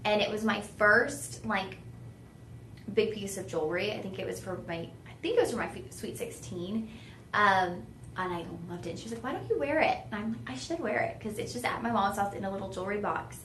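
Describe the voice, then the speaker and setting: Gushing and chatty, a young shopping channel host sells jewelry on a live stream, dropping "y'all" constantly. She talks fairly quickly in a medium-pitched, fairly bright voice, with roomy sound and slight hiss or hum.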